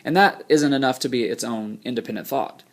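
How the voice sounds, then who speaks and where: A man teaching a recorded grammar lesson, explaining rules plainly and slowing down to read example sentences aloud. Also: medium pitch, gravelly.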